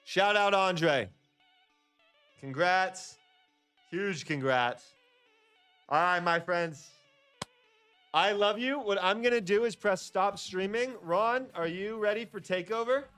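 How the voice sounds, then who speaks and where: A man chatting upbeat on a trading livestream, hyping up his viewers. His voice is smooth and clear and sits a little high. Soft music plays in the background. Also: slow pace, long pauses. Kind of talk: casual livestream chat.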